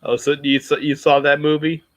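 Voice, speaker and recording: A man's voice: on the high side, flat delivery, a little fast, a bit bright, dry recording, rough recording. A man casually chatting to his viewers, rambling and self-reflective, with many fillers and restarts. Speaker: YouTuber talking to his viewers. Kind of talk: casual livestream chat.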